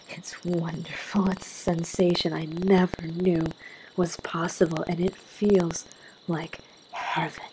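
A woman narrating in the first person with a breathy, intimate whisper in a whispered role-play. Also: on the low side, level tone, slow pace, darkish tone, slight background noise, rough recording.

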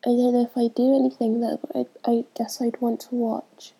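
A woman's voice: on the high side, level tone, moderate pace, gravelly, dark tone, slightly rough, rough recording. A young woman with a stuffy, congested voice from a cold, chatting casually and hesitantly as she answers a questionnaire. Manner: hesitant, many ums, laughs between answers. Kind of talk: casual chat.

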